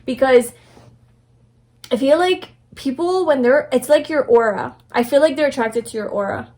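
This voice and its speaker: Gentle young woman reading tarot cards. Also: high voice, normal speed. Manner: casual, rambling, many fillers and restarts; soft, affirming, gentle delivery. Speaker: tarot reader. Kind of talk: pick-a-card tarot reading.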